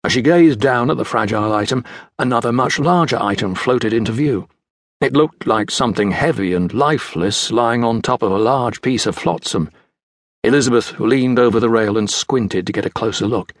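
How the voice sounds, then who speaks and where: Husky male audiobook narrator. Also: medium pitch, moderate pace, no room sound, clean studio sound. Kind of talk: scripted narration.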